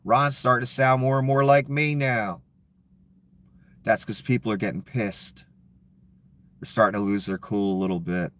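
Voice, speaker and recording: A man's voice: fairly low pitch, fairly even intonation, normal speed, long pauses, a bit bright. Profane, scornful male political ranter. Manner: profane, scornful, sarcastic, reads headlines aloud. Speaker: political commentator. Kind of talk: angry political rant.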